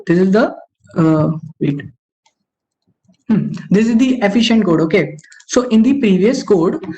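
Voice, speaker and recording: This online coding lecture features a young adult with a mellow, medium-pitched voice teaching algorithms in a webinar. "Okay" comes up constantly, and they often break off to fix what they just said. Captured on a call microphone, the sound is dull and lo-fi.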